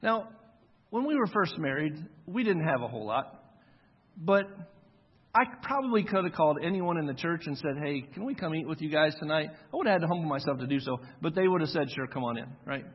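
A husky man in his forties preaches a sermon in a relaxed, chatty storytelling style, and his voice sits a little high. The sound is dull and lo-fi, with a long echo from a church hall. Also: brisk. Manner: conversational storytelling, acts out quoted voices. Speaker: pastor.

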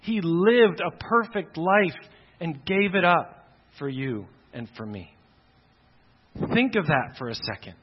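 A man preaches a sermon with a slightly high, husky voice, leaning hard on key phrases and repeating them. The sound is dull and muffled, carrying a long reverb from the hall. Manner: emphatic, repeats phrases for stress. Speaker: pastor.

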